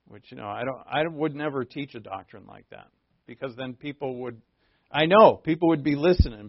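A man teaching a Bible class in a conversational way, stressing points by repeating them and often pausing on fillers. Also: mid-range voice, dry recording. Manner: conversational, repetitive emphasis, frequent fillers. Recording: dull, dry, lo-fi recording.

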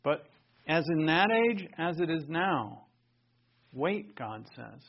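A male pastor preaching a sermon in an animated, conversational way, with sarcastic asides to the congregation. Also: a little high, a little slow, gravelly, breathy edge, dull audio.

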